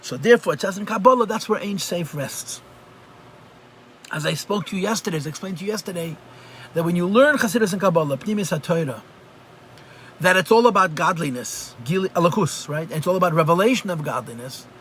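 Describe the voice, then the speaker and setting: A man's voice: sits high, expressive, brisk, fairly bright tone, a little hiss or hum. A man teaching a live online class as a rabbi, talking conversationally and repeating phrases for emphasis. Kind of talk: live online Chassidus lesson. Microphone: computer mic on a video call.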